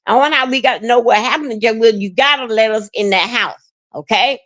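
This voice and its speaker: A woman hosting a livestream, rambling in a halting, repetitive way with many fillers and plenty of emotion. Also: a little high, fairly bright tone. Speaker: livestream host. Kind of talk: rambling live-stream monologue.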